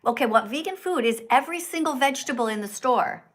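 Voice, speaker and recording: A woman's voice: sits high, animated, fast. A woman hosting a livestream video call, lecturing insistently and often cutting in. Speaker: livestream host. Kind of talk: livestream chat.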